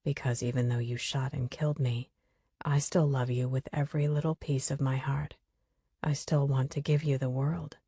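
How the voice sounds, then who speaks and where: Woman narrator voicing a soft-spoken young male ghost, calm, low, husky, close and dry. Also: normal speed, no room sound. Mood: tender. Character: young man's gentle ghost brother.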